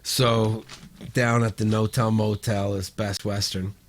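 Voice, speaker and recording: A middle-aged Canadian songwriter telling a story as a podcast guest, rambling, restarting sentences and swearing freely. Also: male voice, on the low side, flat delivery, takes it slowly. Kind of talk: casual storytelling.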